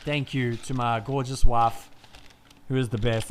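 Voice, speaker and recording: A man giving casual live race commentary, chatty, swearing freely and moving between laid-back chatter and excited shouting. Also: medium pitch, moderate pace, a little hiss or hum.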